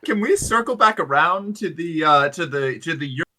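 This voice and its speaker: A man's voice: fairly high pitch, lively intonation, normal speed, pushed and bright. A man playing a tabletop game, teasing and sarcastic. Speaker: player. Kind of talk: in-character tabletop play.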